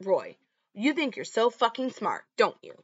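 A woman voicing a man, an abusive and cursing boyfriend, reading his lines out with yelling. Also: on the high side, wildly swooping pitch, measured pace, slightly rough, no echo, highs cut off, heavily acted. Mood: arguing. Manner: yelling, cursing, read-out quotes. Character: abusive, foul-mouthed man, the mother's boyfriend.

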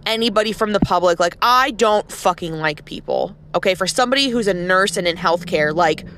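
A woman's voice: mid-range voice, fairly quick, fairly bright tone, a little hiss or hum. A woman who works as a nurse, ranting in a casual, blunt and profane way, with heavy sarcasm. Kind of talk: casual rant to camera.

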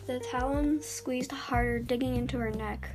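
A woman's voice: sits high, steady tone, moderate pace, music in the background. A woman hosting her channel, reading her own fan fiction aloud in an unpolished way with slips and corrections. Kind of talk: casual reading aloud of a story.

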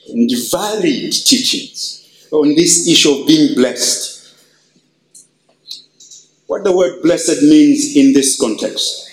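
A male pastor preaching a sermon, stressing key words with slow, drawn-out emphasis. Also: a little high, echoey room, slight background noise, low-quality recording.

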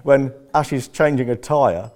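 A man's voice: mid-range voice, a little slow, darkish tone. An older man chatting as a podcast host, telling rambling, jokey stories with plenty of swearing. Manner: rambling, profane, jokey storyteller. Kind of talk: casual chat.

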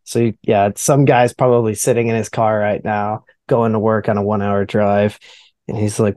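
A man with a dark, mellow voice co-hosts a casual podcast. His banter is excitable and full of swearing. He keeps tossing in "dude" and "bro.". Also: lowish voice, normal speed. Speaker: podcast co-host.

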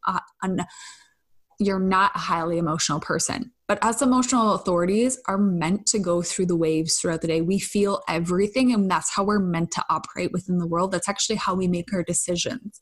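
Speaking openly and effusively on her own casual podcast, this female host sighs and laughs between thoughts and drops the occasional swear word. Her pitch is middling, and she frequently trails off and begins sentences again.

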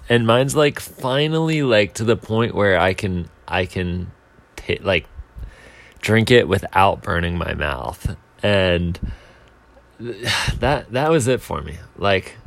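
Young guy, lowish voice, rambly self-mocking storytelling, dry close sound. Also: creaky, no room sound. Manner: rambling, self-mocking, with filler words and restarts. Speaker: speaker telling a timed anecdote. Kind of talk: casual storytelling.

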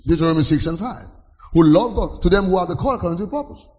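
A man's voice: sits high, animated, racing, a little mellow, highs cut off. A man preaching a sermon, teaching with emphatic repetitions and sudden rises. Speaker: pastor.

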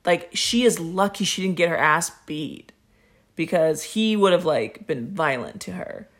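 A woman co-hosting a podcast, chiming in with quick agreements, swearing and jokes. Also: fairly low pitch, expressive. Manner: chimes in with short agreements, swears, laughs. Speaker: podcast co-host. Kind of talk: casual chat.

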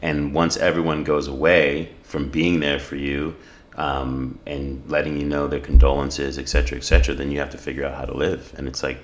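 A man's voice: a bass voice, flat delivery, a little fast. A middle-aged man from South Africa, a podcast guest, telling a personal story in an earnest, reflective way, with many fillers and restarts. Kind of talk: storytelling in casual conversation.

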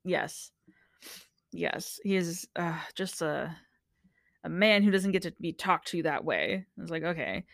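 A woman's voice: on the low side, measured pace, gravelly, dry recording, studio quality. A young woman on a podcast, casually recapping a TV show, acting out quotes and laughing often. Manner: animated storyteller, acts out quotes, laughs often. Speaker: podcast co-host.

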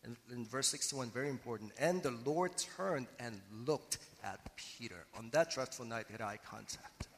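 A man preaching a sermon as pastor, earnest and emphatic, slowing and pausing for effect on key words. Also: medium pitch, expressive, fairly bright tone, big-room sound, slight background noise.

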